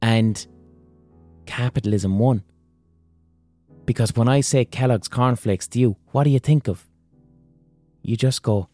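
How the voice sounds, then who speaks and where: A man hosting a podcast, delivering a comedic monologue with profane, animated ranting. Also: mid-range voice, unhurried, long pauses, soft background music. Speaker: podcast host.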